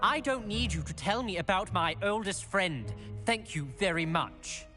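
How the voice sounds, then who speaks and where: A cold, clipped young student with a lively, swinging pitch. He speaks in tight, threatening lines with game music underneath. Sounds guarded and unfriendly throughout. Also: a little slow, full character voice. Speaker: video game character. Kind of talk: video game voice acting.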